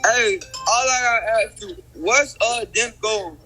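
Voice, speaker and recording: A man calls into a live stream with a high, very bright voice and asks short, halting questions. Faint music plays under him. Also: low-quality recording. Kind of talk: casual questions on a live call.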